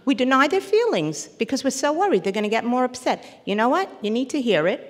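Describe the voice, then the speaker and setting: A woman therapist giving a parenting lecture to a live audience, animated and acting out little scenes as she teaches. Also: high voice, fast, long reverb tail. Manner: animated, acts out little scenes with quoted voices.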